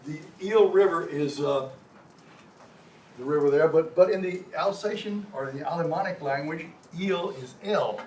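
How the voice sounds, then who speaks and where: An older Texan-accented man teaches a community language class, lecturing from slides in a halting, folksy way, often repeating words and joking with students. His voice is on the high side with a darkish tone. The recording is roomy, from a distant mic, with faint hum.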